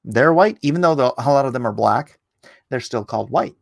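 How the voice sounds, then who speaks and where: A middle-aged man holds forth in a loose, rambling livestream monologue. His pitch sits mid-range and leaps upward when he turns indignant. The sound is close and dry, with little room around it. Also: expressive, fairly quick, creaky, no echo. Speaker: livestream host. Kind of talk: casual opinion monologue.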